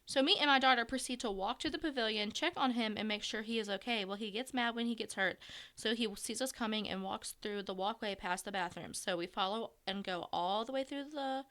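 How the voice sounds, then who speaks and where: A woman reads a listener's story on a chatty podcast. Her voice is bright and clear, with a smooth, crisp tone. She keeps her delivery blunt and a little profane. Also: a little high, a little fast. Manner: bantering, profane, dry jokes. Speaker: podcast co-host. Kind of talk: casual chat, reading a listener story aloud.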